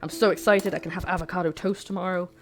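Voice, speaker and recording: A woman's voice: lowish voice, fairly even intonation, fast talker. A woman chatting casually to her livestream chat while cooking, joking and poking fun at herself. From lives in Scotland. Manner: chatty, jokey, self-deprecating, talks to chat.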